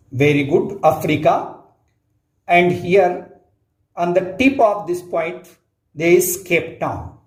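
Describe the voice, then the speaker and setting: Indian guy teaching english class, slow and patient, echoey room. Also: on the high side, a little mellow. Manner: slow, repetitive explaining, addresses students directly. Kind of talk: classroom lecture explaining a text. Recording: roomy echo.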